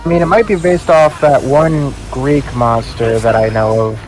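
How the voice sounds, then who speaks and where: A guest on a gaming stream, chatting casually and asking slow, musing questions. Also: mid-range voice, steady tone, darkish tone, poor audio. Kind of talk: casual chat.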